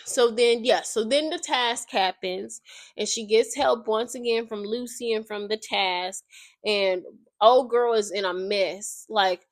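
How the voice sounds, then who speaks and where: A woman giving a casual, slangy, animated recap of a book as a video creator. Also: a little high, measured pace, no echo.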